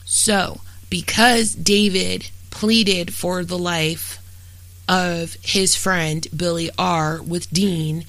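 A true-crime podcast host reads a scripted account in a steady, matter-of-fact way and turns blunt and profane in casual asides. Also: medium pitch, no echo, low-quality recording.

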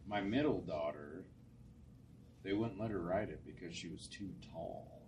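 A man's voice: low voice, slow, distant mic. A middle-aged man co-hosting a podcast, telling rambling, profane anecdotes in casual chat. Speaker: podcast co-host. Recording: noisy, off-mic.

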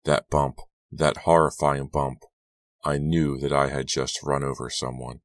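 Brief: man, extremely low voice, dry close mic, suspenseful horror audiobook read. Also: level tone, a little slow, no room sound. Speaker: audiobook narrator. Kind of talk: scripted horror narration.

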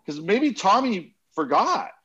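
Animated man telling a rambling story. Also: high-pitched, slow, husky, highs cut off. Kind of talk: casual anecdote.

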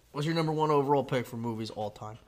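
A man's voice: medium pitch, background noise. A young man hosting a casual podcast chat, joking, teasing and swearing a lot. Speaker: podcast host.

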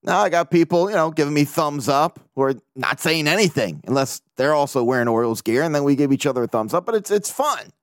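A man hosts his own podcast alone, talking in a loose, rambling way with jokes and casual swearing. His voice sits on the higher side for a man. The recording is close and completely dry, with no room sound. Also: expressive, fast talker, few pauses, dry recording. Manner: rambling, joking, swears freely. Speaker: podcast host. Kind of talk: casual solo podcast chat.

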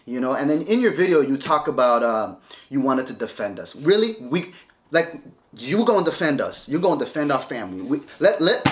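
Talking straight to a camera, a man confronts his ex-wife in a heated, scolding, casual way, repeating himself. His mid-range voice is very animated and fairly quick.

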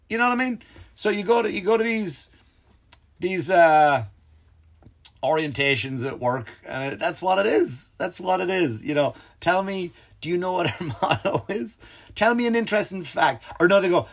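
A man's voice: medium pitch, sing-song, moderate pace. A man hosting a podcast, telling rambling stories in a profane, exasperated way and mimicking the people in them. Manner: mimics other people in quoted bits. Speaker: podcast host. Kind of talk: casual comedic monologue.

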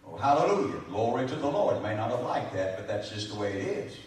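A man preaching a sermon as pastor, stressing points with repetition and shouted emphasis, heard in a church through the pulpit mic. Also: lowish voice, very animated, fast, hardly any pauses. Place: church sanctuary. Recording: very echoey room, voice from a distance.

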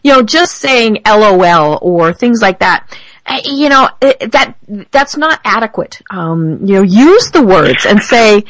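A woman's voice: medium pitch, measured pace, no room sound, poor audio. A woman hosting a podcast interview, agreeable and chatty, affirming her guest often. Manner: lively, agreeable, frequent affirmations. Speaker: podcast host.

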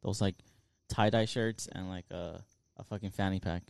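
Low, smooth-voiced man joking around. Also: fairly even intonation, moderate pace, dry recording. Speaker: podcast co-host. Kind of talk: casual chat.

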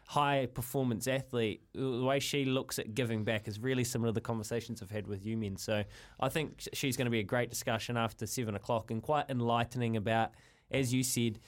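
A man sets up a serious talk radio segment. He speaks steadily and thoughtfully at a mid pitch. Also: steady tone. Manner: earnest, measured, thoughtful. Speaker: radio host.

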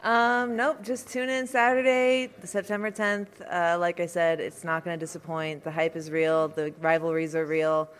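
A woman's voice: lowish voice, flat delivery, normal speed, hardly any pauses, smooth. A young woman fighter answering interview questions in a laid-back, playful way. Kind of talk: casual interview.

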